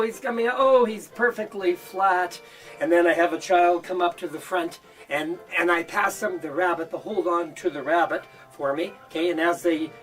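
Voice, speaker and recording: A playful, animated man teaches how to perform a children's magic routine, acting it out as he goes. He fills the demonstration with mock-surprised cries, as if an audience of kids were watching. He sounds a little set back from the mic, with faint music underneath. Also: high-pitched, far from the mic.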